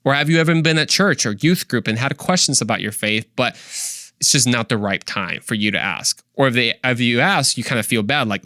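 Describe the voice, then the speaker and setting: Christian podcast guy, earnest and chatty, middle pitch, dry close sound. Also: brisk, pushed and bright, no room sound. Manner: earnest, conversational, with rhetorical questions. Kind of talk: casual solo podcast monologue.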